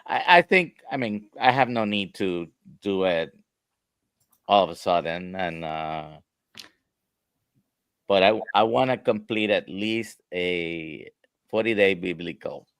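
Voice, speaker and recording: A man with a Spanish accent answering questions in a live Q&A, talking slowly and haltingly with many fillers. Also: sits low, animated, a bit bright, clear, resonant tone, no room sound. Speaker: guest doctor. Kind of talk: live Q&A chat.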